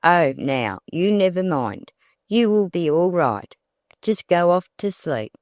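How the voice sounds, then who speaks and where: An audiobook narrator voicing a sly, coaxing old countrywoman with folksy rural speech, read slowly in a dry recording. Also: medium pitch, sing-song, a little mellow, no room sound.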